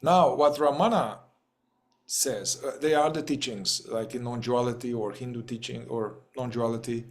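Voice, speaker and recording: A man's voice: mid-range voice, moderate pace. A man facilitating a group talk over a video call, casual and playful, often laughing and trailing off mid-thought.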